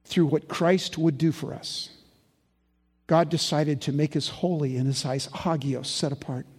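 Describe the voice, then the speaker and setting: A man preaching in a church sanctuary, his voice pitched high for a man. He tells stories animatedly, rising loud and then dropping to a hush. A long reverb trails behind his words. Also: measured pace, husky. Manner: animated storytelling, swinging from loud to hushed. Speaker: pastor. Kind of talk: sermon.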